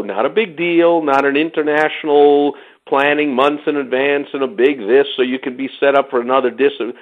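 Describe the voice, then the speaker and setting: A man hosting a casual podcast, talking in an animated, sarcastic way and speaking to the listener directly. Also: mid-range voice, lo-fi sound. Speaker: podcast host. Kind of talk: casual political podcast chat.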